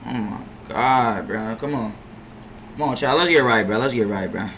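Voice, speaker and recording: A young man streaming a basketball game, cursing at teammates, trailing into low mutters, sometimes shouting from farther off the mic. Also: animated, normal speed, gravelly, a little hiss or hum. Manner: frustrated trash talk, profanity-heavy, drops into low mutters; bursts into far-off shouts at teammates. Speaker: gaming streamer. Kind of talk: live gameplay commentary.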